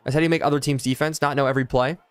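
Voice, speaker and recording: A male streamer rattles off quick play-by-play over a football video game, his words tumbling out fast. He jumps to excited yelling on big plays and talks straight to his live chat between snaps. His voice sits at an ordinary middle pitch. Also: clean tone, no echo. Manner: hyped play-by-play, chatting with viewers. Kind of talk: live gameplay commentary.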